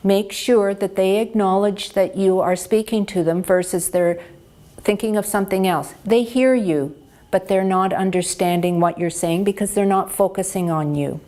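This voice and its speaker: A woman counselor teaching about hearing loss in a steady, mid-pitched voice. She explains patiently and clearly, grounding each point in practical everyday examples. Her voice comes through a small lapel microphone. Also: a little slow. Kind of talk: educational health talk.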